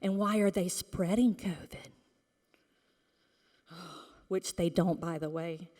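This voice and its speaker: Woman, unhurried public comment at a podium mic, indignant and emphatic, long hall reverb. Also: lowish voice, fairly even intonation, warm tone. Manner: emphatic and indignant, sometimes dropping to a whisper. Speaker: public commenter at a school board meeting. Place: school board meeting room.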